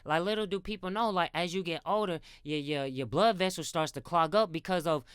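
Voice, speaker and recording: Man, very smooth clear voice, dry close sound, rambling faith talk. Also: fairly high pitch, fairly quick, a bit bright, no echo. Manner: rambling, repeats words, addresses viewers as guys. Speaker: Christian content creator. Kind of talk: casual faith talk to camera.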